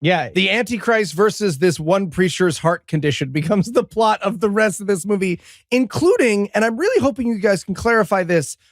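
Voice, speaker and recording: Man, podcast panelist, wry, mock outrage, high bouncy voice. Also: expressive, normal speed, no echo, clean studio sound. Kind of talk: casual comedic movie review.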